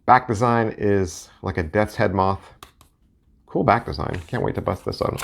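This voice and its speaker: A man's voice: on the low side, moderate pace, vocal fry, a little hiss or hum. A man talking casually while looking through his playing card collection, thinking aloud and rambling as he goes. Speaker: deck collector and reviewer.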